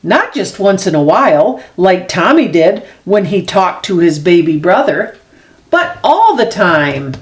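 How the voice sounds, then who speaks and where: A woman reading a children's picture book aloud as a storyteller, expressive and unhurried, dropping low for the grown-ups. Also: reverberant, a little hiss or hum. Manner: slow expressive read-aloud with lively swings; drops low and soft for the grown-ups' voices.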